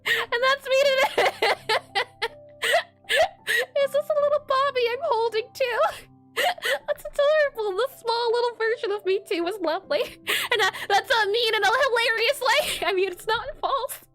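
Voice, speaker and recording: A woman's voice: very high-pitched, normal speed, fairly bright tone. A young woman streaming as she reviews viewer art, bubbly and giggly, repeating her praise. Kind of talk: casual livestream commentary.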